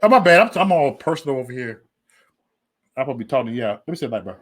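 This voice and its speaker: A man hosting a casual livestream, joking loudly and cursing, breaking into laughter often. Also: mid-range voice, animated, quick pace. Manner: loud, joking, profane banter with frequent laughs. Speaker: live stream host.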